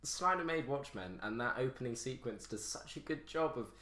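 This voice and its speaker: A young man on a casual film-review podcast, joking and animated, sometimes putting on mocking voices. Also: medium pitch, normal speed. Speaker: podcast co-host. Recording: roomy echoing room.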